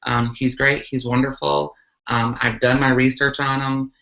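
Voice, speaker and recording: A woman's voice: extremely low pitch, little pitch movement, a little slow, a bit bright. A woman, a transgender activist, answering questions earnestly in a live online talk, with many ums and restarts. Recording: muffled lo-fi livestream audio.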